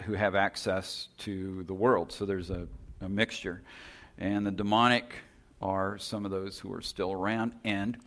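A man teaching a sermon in a relaxed, storytelling way, often restarting his phrases. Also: on the low side. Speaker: preacher.

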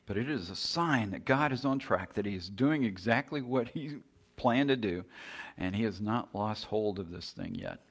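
A man preaching a sermon in an earnest, emphatic way, moving between quiet passages and loud, raised points. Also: on the low side, big pitch swings, normal speed, husky.

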